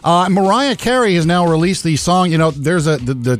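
A man's voice: on the high side, animated, fairly quick. Joking male radio co-host. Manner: joking, wry. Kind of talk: morning radio chat.

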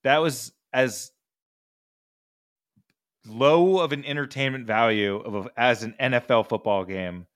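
Excitable male sports podcast co-host. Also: mid-range voice, no echo, clean studio sound. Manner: excitable, quick bursts, swearing. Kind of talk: casual sports chat.

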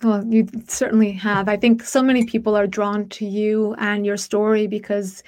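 A woman hosting an interview, asking questions and commenting in a steady, sympathetic way. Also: medium pitch, moderate pace. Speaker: interview host.

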